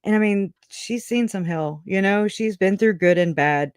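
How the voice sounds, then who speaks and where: A woman's voice: medium pitch, moderate pace, clear, resonant tone, no echo, studio quality. A woman who is a guest on a casual livestream chat over a video call, talking in a candid, folksy way and laughing often.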